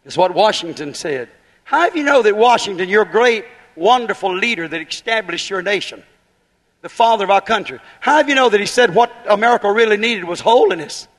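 A man's voice: high-pitched, expressive, fairly quick, fairly bright tone, in a large hall. A man preaching a fiery holiness sermon, building to emphatic bursts and firing rhetorical questions at the congregation.

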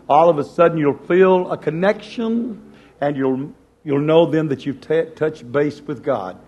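A man's voice: a little high, expressive, a little slow, a little mellow, lo-fi sound. A man preaching a sermon in a fervent cadence, building phrases by repetition.

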